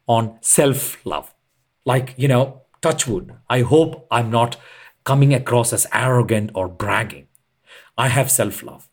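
A man with a husky, slightly breathy voice talks as a podcast guest. His pitch rises and falls in an animated way as he explains, earnest and emphatic, with pauses for weight. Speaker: podcast guest, retreat leader. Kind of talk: reflective conversational explanation.

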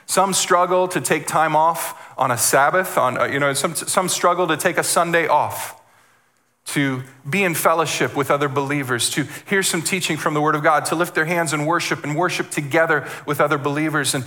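A man preaching as a guest speaker, animated, repeating words and acting out the voices he quotes. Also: high voice, moderate pace. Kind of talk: sermon.

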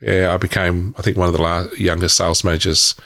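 A middle-aged man, a podcast guest, telling his life story frankly, with halting restarts and the odd swear word. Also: sits low, level tone, vocal fry, a bit bright. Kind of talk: candid personal storytelling.

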